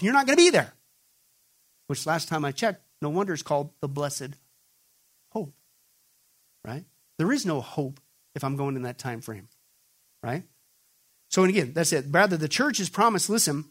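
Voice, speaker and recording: A male pastor preaching an emphatic sermon, often throwing questions back at the congregation. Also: fairly high pitch. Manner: emphatic call-and-response questioning.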